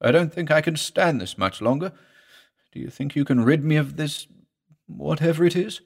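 A man's voice: a little high, normal speed, vocal fry, slightly rough, pitched above the performer's own voice. A man doing a pleading, agonized patient. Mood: uneasy. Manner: pleading, strained. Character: frightened middle-aged male patient in agony.

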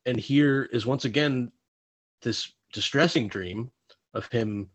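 A man's voice: medium pitch, slow. A man co-hosting a podcast, talking thoughtfully about a TV episode, with hesitant starts. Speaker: podcast co-host. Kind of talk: casual discussion of a TV episode.

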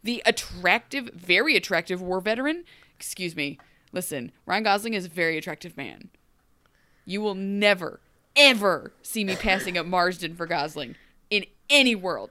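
A woman's voice: mid-range voice, normal speed, no room sound. Woman podcast cohost gabbing about an episode, does the characters' lines, dry close sound. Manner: animated, acts out characters' lines mid-story. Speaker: podcast co-host. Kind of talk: casual chat recapping a TV episode.

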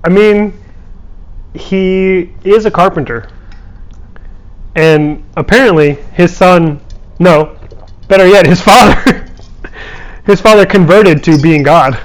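Higher-voiced teasing man. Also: takes it slowly, long pauses. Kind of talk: casual banter.

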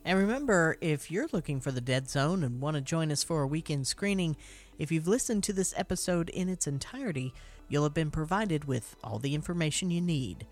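A woman's voice: deep voice, expressive, a little fast, a little mellow, soft background music. A woman co-hosting a podcast, reading a playful scripted outro. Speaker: podcast co-host.

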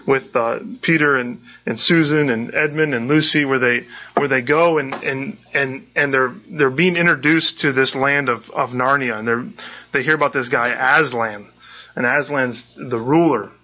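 Earnest husky male pastor preaching. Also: medium pitch, normal speed. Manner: earnest, repeats words as he restarts. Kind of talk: sermon. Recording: dull lo-fi sermon recording.

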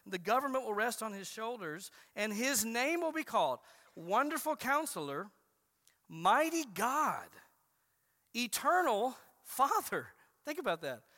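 A man preaching a sermon as a pastor, stressing key phrases slowly and emphatically. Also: sits high, bright, forceful tone. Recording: reverberant hall.

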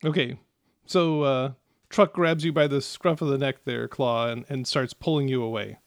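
A man's voice: medium pitch, fairly even intonation, moderate pace, no room sound, clean studio sound. Hesitant man running a tabletop game. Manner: hesitant, many fillers and restarts. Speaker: game master.

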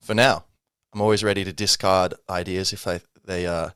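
A man's voice: sits low, fairly even intonation, moderate pace, a bit bright, clear, resonant tone, dry recording, studio quality. A man hosting a casual solo podcast, rambling with many fillers and self-corrections. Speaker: podcast host.

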